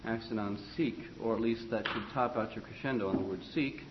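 A man's voice: fairly low pitch, fairly quick, muffled recording, very noisy. A man teaching a choir class, explaining phrasing in short broken phrases and talking directly to his students. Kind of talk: classroom instruction.

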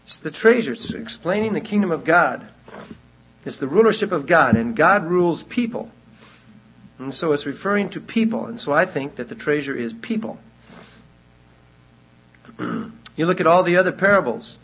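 A fairly high-voiced male Bible teacher with a husky edge to his voice. He lectures earnestly, hammering his main points through repetition and restarting phrases as he goes. The recording is dull and lo-fi. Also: expressive, moderate pace, long pauses. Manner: earnest, repeats key points, many restarts.

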